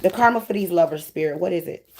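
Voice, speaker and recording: A woman's voice: on the low side, fast talker, background noise. Emotional woman tarot reader. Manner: emotional, preachy, affectionate, near tears. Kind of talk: spiritual tarot reading.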